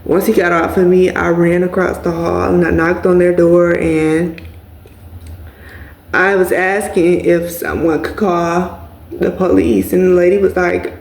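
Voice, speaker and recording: A woman's voice: fairly low pitch, little pitch movement, a little slow, vocal fry, darkish tone. A woman vlogger telling an emotional personal story in a casual way, speaking straight to her viewers as "y'all.". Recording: echoey room.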